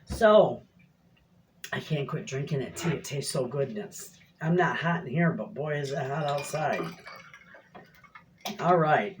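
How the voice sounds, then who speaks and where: A woman's voice: a bass voice, a little hiss or hum. Chatty middle-aged homestead woman. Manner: chatty, rambling storyteller with folksy phrasing. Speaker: homestead cooking vlogger. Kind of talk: casual chat to viewers. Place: home kitchen.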